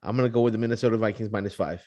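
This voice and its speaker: A man's voice: fairly low pitch, very fast, warm tone, no room sound, lo-fi sound. Hesitant, stumbling male co-host. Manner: hesitant, stumbling, second-guessing. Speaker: podcast co-host. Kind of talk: casual sports betting chat.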